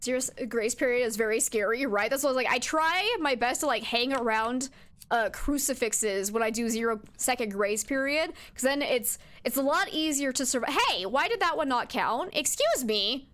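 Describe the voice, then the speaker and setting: A woman's voice: on the high side, moderate pace, a bit bright. A young woman streaming a horror game, chatting to her viewers and talking back to the ghost with jumpy outbursts. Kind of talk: live game commentary.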